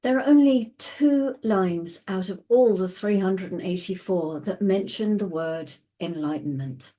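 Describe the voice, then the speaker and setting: A woman calmly explaining the day's astrology in an unhurried, conversational way, with soft asides. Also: mid-range voice. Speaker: astrology podcast host. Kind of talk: daily astrology talk.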